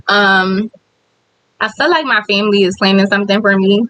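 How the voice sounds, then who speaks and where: A woman's voice: medium pitch, fairly bright tone, dry recording, low-quality recording. A woman vlogger with kids, talking candidly on a casual livestream and reading viewer comments aloud. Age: adult with kids.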